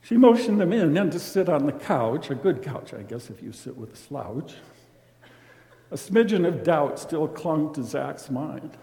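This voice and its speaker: A man reading a rhyming story aloud, expressive and dramatic. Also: on the high side, measured pace, creaky. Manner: expressive, dramatic swings in loudness. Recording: roomy with long reverb.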